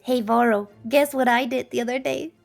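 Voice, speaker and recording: Woman player, high voice, earnest stammering in-character talk, faint music. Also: steady tone, normal speed, creaky. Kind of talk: in-character tabletop role-play.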